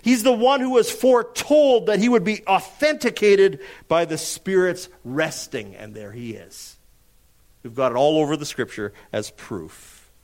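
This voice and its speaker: A man preaching an expository sermon, emphatic, posing rhetorical questions and answering them, slowing down dramatically on key phrases. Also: sits high, expressive, darkish tone.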